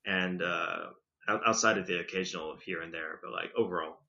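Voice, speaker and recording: A young man with a slightly British-tinged accent, chatting casually as a podcast guest, rambling with lots of fillers and quick laughs. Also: low-pitched, bright, forceful tone. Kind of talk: casual conversational storytelling. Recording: slightly muffled lo-fi recording.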